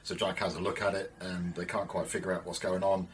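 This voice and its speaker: A man co-hosting a casual podcast, talking fast and eagerly, with plenty of swearing as he rambles along. His voice sits fairly low, and faint noise hums behind him in the recording. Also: little pitch movement. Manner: enthusiastic, swears freely, rambling retellings. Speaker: podcast co-host. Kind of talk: casual chat.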